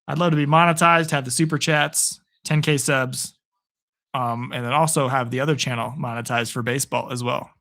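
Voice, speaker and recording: A young man from Arizona, hoarse after a long day, casually calling football play by play on a live stream and chatting with viewers, rising with excitement on big plays. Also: mid-range voice, moderate pace. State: hoarse, voice worn out.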